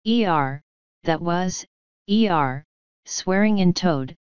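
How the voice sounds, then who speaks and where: A woman's voice: fairly low pitch, animated, takes it slowly, darkish tone, clear, resonant tone, dry recording, muffled recording. A woman reading the part of a gloomy, grumbling male talking toad in a storybook. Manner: mournful, grumbling.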